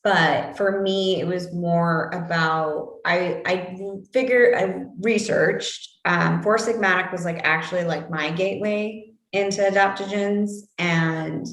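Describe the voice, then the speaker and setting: A woman's voice: fairly low pitch, fairly even intonation, slow pace, hardly any pauses, fairly bright tone, echoey room. A woman panelist speaking hesitantly and modestly from her own experience, over a video call. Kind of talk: casual panel chat.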